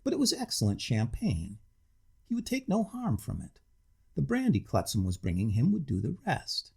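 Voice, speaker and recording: A man reading a ghost story aloud in an expressive, measured way. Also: medium pitch, creaky, husky. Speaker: narrator. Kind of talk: scripted ghost-story narration.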